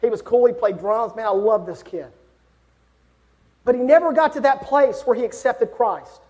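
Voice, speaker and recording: A man's voice: very high voice, normal speed, a little mellow. A young man preaching a sermon, earnest and building to fervent exhortation.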